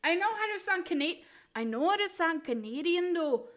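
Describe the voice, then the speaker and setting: A woman's voice: very high voice, expressive, normal speed, a bit bright. A woman live-streaming tarot readings, chatting casually in a giggly, self-mocking way while she keeps trying silly accents.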